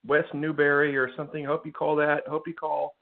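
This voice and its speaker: A man's voice: a little high, completely flat delivery, quick pace, vocal fry. A man calling in to a radio show, insistently repeating his demands. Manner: insistent, repetitive. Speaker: caller. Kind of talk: phone-in call. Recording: tinny phone line from off-mic.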